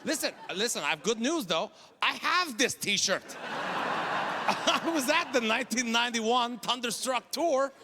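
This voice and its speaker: A man in his forties with a Quebec French accent, doing an exasperated, ranting stand-up set and shouting his punchlines. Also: extremely high pitch, expressive, a little slow, a crowd in the background. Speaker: stand-up comedian. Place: comedy festival stage. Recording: noisy live stage recording.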